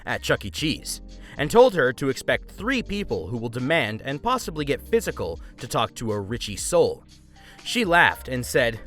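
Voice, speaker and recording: A man's voice: mid-range voice, a bit bright. A man narrating a story aloud in a wry storytelling manner. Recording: faint background music.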